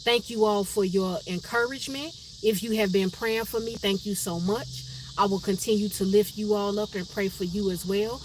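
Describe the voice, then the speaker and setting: A Chicago woman with a Chicago accent chats casually on her live stream, reading viewers' names and comments aloud and answering them. Her mid-range voice has fairly even intonation and a moderate pace, with background noise behind it.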